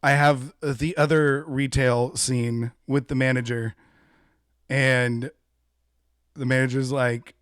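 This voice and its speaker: A man's voice: mid-range voice, slow pace, pauses often, smooth, no room sound. Man animatedly retelling scenes, dry sound. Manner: animated retelling, acting out movie lines. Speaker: podcast co-host. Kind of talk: casual chat.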